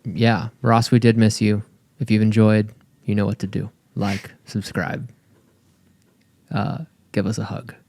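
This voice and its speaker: A man's voice: lowish voice, little pitch movement, moderate pace, vocal fry, darkish tone. A man co-hosting a casual podcast, losing his voice and rambling loosely with lots of fillers. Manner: laid-back, rambling with fillers. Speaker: podcast co-host. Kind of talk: casual chat.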